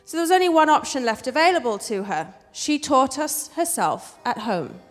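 A young English woman from England, telling a story on stage with a wry, animated, punchy delivery. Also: high voice, moderate pace. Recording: reverberant hall.

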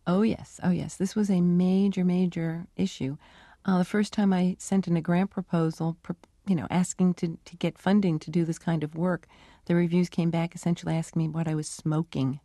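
Woman researcher, middle-aged, gravelly, mellow tone, dry close sound, animated storyteller. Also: on the low side, normal speed, no room sound. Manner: animated storytelling, acts out dialogue. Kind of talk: interview answers.

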